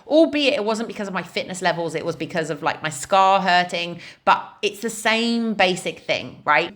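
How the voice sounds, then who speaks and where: A woman's voice: mid-range voice, a bit bright. A woman in her thirties, a fitness coach, explaining in a casual, chatty way with lots of "like" and "right?". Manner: chatty, frequent "like" and "right?" fillers.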